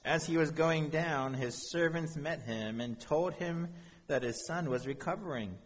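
A male pastor delivers a sermon, reading scripture and talking it through with his listeners in an earnest, conversational way. His voice has a husky, breathy grain. It rings with the long reverb of a large hall. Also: on the high side, unhurried.

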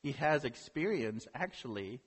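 Husky preacher in an echoing hall. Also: male voice, medium pitch, a little slow. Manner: animated storytelling with rhetorical questions. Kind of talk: sermon. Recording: long hall reverb.

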